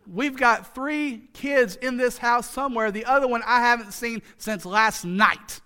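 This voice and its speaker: Bright, high-voiced preacher man. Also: measured pace, clear, resonant tone. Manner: conversational, joking, with many rhetorical asides; repeats phrases for emphasis. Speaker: pastor. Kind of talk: sermon.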